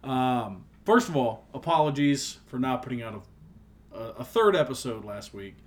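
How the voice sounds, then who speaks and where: A young man co-hosting a casual podcast, playful, joking and now and then slipping into a booming announcer voice. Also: expressive, moderate pace. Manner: playful, slips into a booming over-the-top announcer voice. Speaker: podcast co-host. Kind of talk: casual chat with goofy announcer bits.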